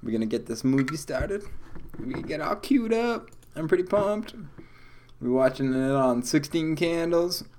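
A man's voice: on the high side, darkish tone. Rambling, profane stoned podcast guy. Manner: profane, rambling, laid-back. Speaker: podcast host. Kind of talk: casual stoned solo podcast chat. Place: home room with lights off.

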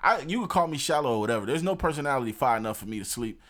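A young man hosts a podcast and holds forth with strong opinions. His mid-pitched voice leans hard on emphatic points throughout the casual chat. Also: lively intonation, rapid-fire, fairly bright tone. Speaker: podcast host.

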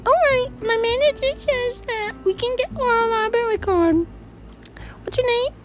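A woman voicing a polite, fussy female librarian in a high, sing-song put-on voice with a prim, formal manner. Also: a little slow, faint music behind. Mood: cheerful.

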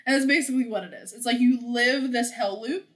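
High-voiced woman chatting about a film. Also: brisk. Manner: chatty, laughing, rambling asides. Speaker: co-host discussing a film. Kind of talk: casual chat.

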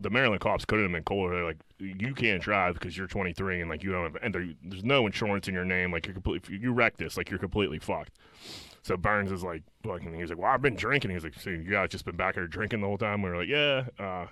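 A man's voice: low voice, quick pace, sharp tone, no room sound. A man telling a rambling, profanity-laden story in casual chat with friends, laughing as he goes. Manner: rambling, swears constantly, laughs through his stories.

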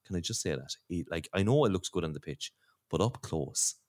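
A man's voice: low-pitched, expressive, a little fast, a little mellow. An Irish man hosting a podcast in casual chat, rambling and laughing often. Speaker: podcast host.

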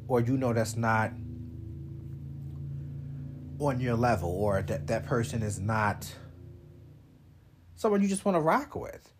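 Lively, husky-voiced young man. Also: mid-range voice. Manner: animated, blunt, swears freely, quick asides. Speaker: podcast host. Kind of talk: casual monologue.

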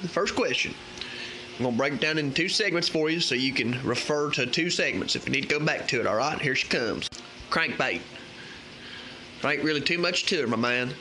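A man's voice: on the high side, brisk, a little hiss or hum. A man playing a folksy male fishing guide in an exaggerated, put-on Southern US country accent. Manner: folksy, animated, hammy.

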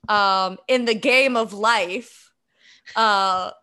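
A woman's voice: mid-range voice, very slow, sharp tone, clean tone. A woman co-hosting a podcast in casual chat, rambling and laughing often. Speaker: podcast co-host.

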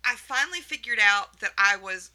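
A woman with a very bright, sharp-edged voice tells a story in easy, casual chat. She is animated and breaks into laughter often. Her pitch sits in the middle for a woman. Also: moderate pace, low-quality recording. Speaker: podcast co-host.

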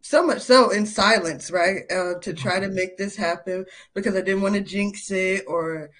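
A young woman from North Carolina, telling stories as a podcast guest in a lively way, full of fillers and laughs. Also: mid-range voice, moderate pace. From North Carolina, USA. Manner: animated, laughs often, many fillers. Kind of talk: casual interview storytelling.

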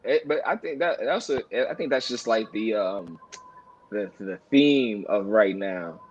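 A man's voice: fairly low pitch, lively intonation, a little slow, highs cut off, slight background noise. A man, chatting casually as a podcast co-host, rambling with lots of fillers and restarts. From New York. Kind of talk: casual chat.

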